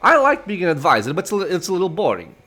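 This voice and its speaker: A man's voice: high-pitched, huge pitch swings, very fast, pushed and bright, pitched above the performer's own voice, heavily acted. A man reading the lines of a playful, chatty young female dragon child from a game. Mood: chirpy. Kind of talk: reading game dialogue aloud.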